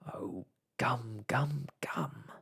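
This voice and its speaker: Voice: mid-range voice, slow pace, creaky, a bit bright, breathy edge, heavily acted. A storyteller voicing a grumpy, greedy male lizard in a whispered role-play. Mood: grieving.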